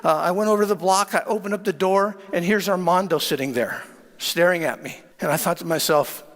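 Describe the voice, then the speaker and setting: A man preaching and telling a personal testimony in a dramatic, animated way, often stammering and repeating words. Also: high-pitched, fairly quick. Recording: long hall reverb.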